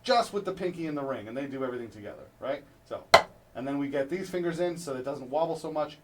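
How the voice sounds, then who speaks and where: A male drum instructor gives a hands-on demonstration, coaching step by step and checking in with "right?" after each point. His mid-range voice is animated and quick, picked up by a distant mic with clear background noise.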